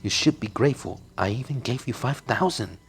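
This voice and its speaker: A man voicing an abusive husband and father in a game, snapping and shouting. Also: mid-range voice, lively intonation, brisk, breathy edge. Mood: stern. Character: angry abusive middle-aged father and husband.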